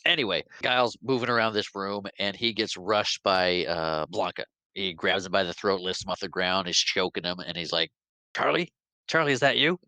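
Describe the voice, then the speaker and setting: A man casually recapping a movie scene by scene, quoting the characters in quick, animated bits and laughing along. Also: sits low, clear, resonant tone, no echo, poor audio. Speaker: podcast host.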